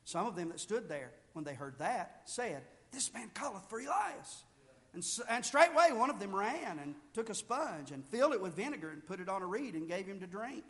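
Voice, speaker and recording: A man preaching a sermon with fervor, rising to loud shouted peaks and then dropping low and quiet. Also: big pitch swings, normal speed. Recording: long reverb of a large hall.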